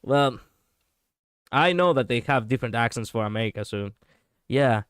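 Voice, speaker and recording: Smooth-voiced rambling male streamer. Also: mid-range voice, animated, moderate pace, fairly bright tone, no room sound, studio quality. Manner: rambling, chatty, laughs often, self-correcting. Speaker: VTuber streamer. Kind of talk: casual livestream chat reading viewers.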